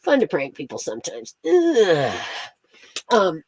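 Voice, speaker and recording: Chatty low-voiced woman laughing often. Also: huge pitch swings, slow, gravelly, a little mellow, breathy edge, no room sound. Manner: rambling, laughs often between thoughts; chatty and playful, greets viewers by name. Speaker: astrology streamer. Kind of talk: casual livestream chat.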